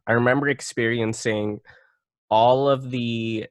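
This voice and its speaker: A young man with an American accent chats casually on a podcast, rambling through fillers and little asides. His voice sits at an ordinary middle pitch. The sound is close and dry. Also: fairly even intonation, a little slow, no room sound. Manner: chatty, filler-heavy, playful impressions. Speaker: podcast co-host. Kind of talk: casual chat.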